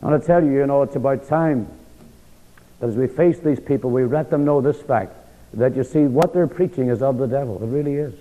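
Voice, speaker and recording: A man preaching a sermon with emphatic delivery, rhetorical questions and sweeping swings in pitch, recorded in a church hall. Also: brisk. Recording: dull lo-fi sound with long hall reverb.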